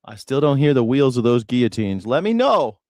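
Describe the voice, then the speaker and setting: A man's voice: medium pitch, sing-song, moderate pace, a little mellow, no room sound, studio quality. A man hosting a news reaction show, ranting sarcastically with profanity.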